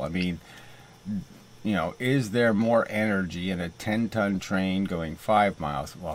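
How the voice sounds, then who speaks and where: A man's voice: low voice, slight background noise. A man hosting a casual video monologue and mock debate, rambling with many fillers and restarts. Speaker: host.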